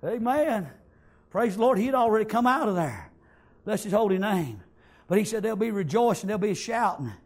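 A man preaching a fiery revival sermon in a church, punctuating nearly every line with "amen" and shouted praise. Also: sits high, expressive, a little fast.

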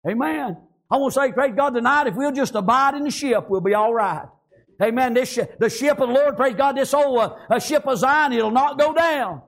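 A man preaching in a fervent drawl, his voice sitting unusually high. He strings his sentences together with constant amens and praise Gods. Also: normal speed, vocal fry, a bit bright. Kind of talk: sermon.

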